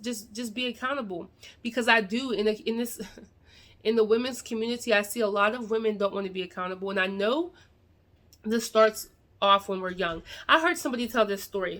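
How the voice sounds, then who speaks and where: A woman's voice: medium pitch, sharp tone. A woman, talking straight to her viewers in an earnest, preachy way about owning your mistakes. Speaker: video creator giving life advice. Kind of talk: casual talk to camera.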